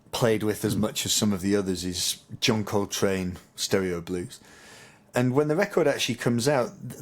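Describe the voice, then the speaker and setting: A man hosting a podcast, asking leading questions and laughing along. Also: fairly low pitch. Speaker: podcast host. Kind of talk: interview questions.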